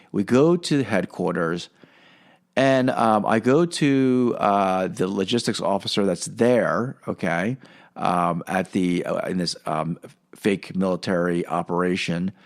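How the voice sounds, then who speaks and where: A man's voice: lowish voice, animated, slow. A man hosting a podcast, telling a long personal story in a casual, rambling way with lots of fillers and restarts. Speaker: podcast host.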